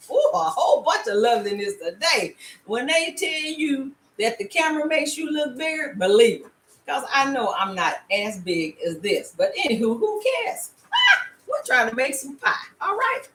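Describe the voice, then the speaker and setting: Chatty grandmotherly woman in echoey kitchen. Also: mid-range voice. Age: older. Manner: chatty, playful, frequent laughs and "all right?" check-ins. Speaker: home cooking show host. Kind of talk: casual recipe demonstration. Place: home kitchen. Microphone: laptop camera.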